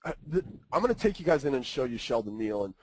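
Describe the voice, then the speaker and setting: A man's voice: mid-range voice, big pitch swings, fast talker, breathy edge, no room sound, rough recording. A man giving a casual webinar presentation, talking conversationally and often checking in with his listeners.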